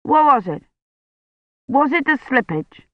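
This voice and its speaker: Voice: high voice, sing-song, slow pace, no room sound, muffled recording, pitched above the performer's own voice, full character voice. A reader voicing a worried older man who questions anxiously and reassures a patient.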